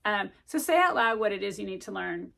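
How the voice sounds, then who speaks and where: A woman's voice: medium pitch, very animated, fairly quick, vocal fry, a bit bright. A middle-aged woman chatting casually to camera as a vlogger, rambling with lots of ums and likes as she gives study tips.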